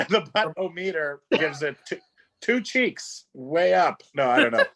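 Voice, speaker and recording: A man's voice: fairly high pitch, lively intonation, unhurried, bright, forceful tone. A man co-hosting a casual talk show, telling jokey, self-deprecating anecdotes.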